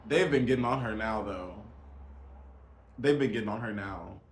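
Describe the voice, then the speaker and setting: A man's voice: lowish voice, normal speed. Man ranting, incredulous, in an echoey room. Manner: incredulous, emphatic, addresses viewers as y'all. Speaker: vlogger. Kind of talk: casual political rant to camera.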